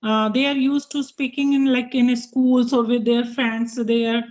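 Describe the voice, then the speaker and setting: Middle-aged woman, Indian accent, slightly high pitch, halting and filler-heavy delivery, muffled online-call audio. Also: level tone, darkish tone. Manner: hesitant, many fillers and restarts. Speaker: interviewee, NGO director. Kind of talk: casual English practice conversation.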